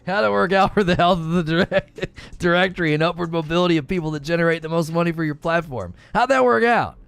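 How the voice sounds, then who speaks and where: Chatty male streamer, higher voice. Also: fairly even intonation, fast, creaky, fairly bright tone, smooth, no room sound. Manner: rambling, joking, repeats himself. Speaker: gaming streamer host. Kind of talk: casual live-stream commentary.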